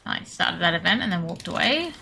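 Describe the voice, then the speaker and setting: A young Australian woman chatting casually with her viewers while streaming a game, self-deprecating and quick to laugh. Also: fairly low pitch, sing-song, vocal fry, bright, forceful tone, slight background noise. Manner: chatty, self-deprecating, laughs often, reads chat aloud. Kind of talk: casual gaming stream chat.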